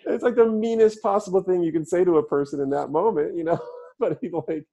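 A man's voice: sits high, a little fast, gravelly, warm tone, highs cut off. A man in casual conversation, retelling a comedy bit with enthusiasm and frequent laughter. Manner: enthusiastic storyteller, laughs often. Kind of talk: casual chat.

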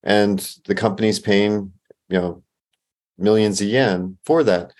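A man hosting a podcast interview, firing off quick questions and answering with short, easy reactions. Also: fairly low pitch, steady tone, a little mellow. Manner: easygoing and affirming, with short reactions. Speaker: podcast host.

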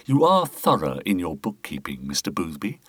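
A man voicing a measured male police inspector who asks calm, pointed questions. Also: low-pitched, breathy edge, no room sound, studio quality, exaggerated voice. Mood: probing. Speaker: detective.

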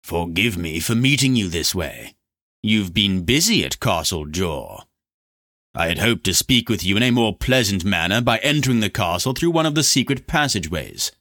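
A silky, scheming black sorcerer purrs his words with smug mockery, as a man puts him on. The voice sits a little higher than the reader's own and rings bright and forceful, with an audiobook reading feel. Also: sing-song, moderate pace, heavily acted. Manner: purring, smug and mocking.

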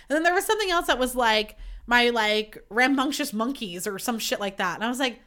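A woman's voice: fairly high pitch, sing-song, fairly quick, a bit bright. A young woman hosting her own podcast, chatting candidly and swearing freely in a self-mocking way. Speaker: podcast host. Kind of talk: casual solo podcast chat.

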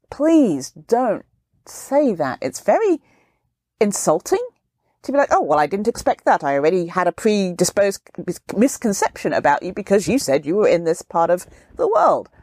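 A woman's voice: mid-range voice, sing-song, moderate pace, a little mellow, no echo, clean studio sound. A woman hosting a solo podcast on careers, talking conversationally and acting out quoted questions in a raised voice. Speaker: podcast host, career coach.

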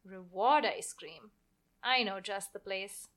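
Woman reading a calm coaxing dad. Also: medium pitch, slow. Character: warm patient father of a little girl.

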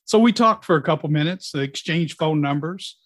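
A man's voice: fairly high pitch, normal speed, no echo. Middle-aged male guest; vivid personal storytelling, quotes others in voice; dead-dry mic. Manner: lively storyteller, acting out quoted dialogue. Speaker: guest in recovery.

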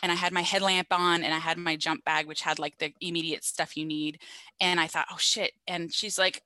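A woman paramedic telling a story in casual chat, animated, swearing freely and laughing as she goes. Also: on the low side, fairly quick, dry recording, rough recording.

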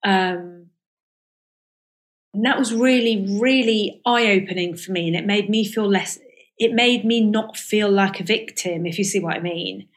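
A middle-aged woman speaks as an interview guest, candid and reflective. She hesitates often and restarts her sentences, filling gaps with soft ums as she thinks aloud. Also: mid-range voice, a little slow. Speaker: guest, comedian and author. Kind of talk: reflective casual interview talk.

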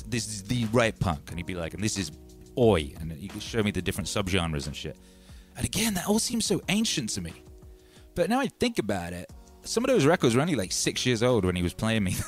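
A man, chatting loosely as a livestream DJ host and reading out viewer messages. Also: fairly low pitch. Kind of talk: casual livestream chat. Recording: music playing faintly behind.

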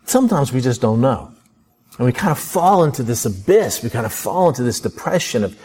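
A man preaching a sermon in an animated way, acting out prayers and quoted thoughts as he goes. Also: medium pitch, a little fast, breathy edge. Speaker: pastor.

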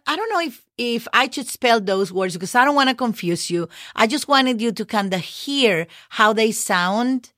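A Spanish teacher hosts a relaxed podcast lesson, sounding chatty and encouraging as she spells words out letter by letter. Her medium-pitched voice has a fairly bright tone, with studio-quality sound and no echo.

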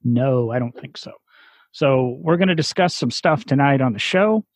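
A man hosting a casual podcast with friends, chatty and prone to quick restarts. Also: medium pitch, expressive, dry recording. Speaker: podcast host. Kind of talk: casual chat.

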